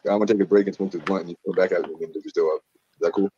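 A man's voice: low voice, fairly even intonation, racing, warm tone, lo-fi sound, slight background noise. A man joking and teasing a woman during a livestream call. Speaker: livestream guest. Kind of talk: casual livestream chat.

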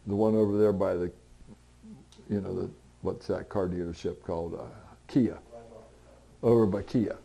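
A middle-aged man preaching a sermon in a conversational, storytelling way. He acts out the people in his stories, and now and then he breaks into loud, high, pleading bursts to drive a point home. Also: fairly even intonation, normal speed, creaky, pauses often. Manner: conversational storytelling, voicing other people in dialogue; swings to loud, high, pleading outbursts for emphasis. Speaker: pastor.

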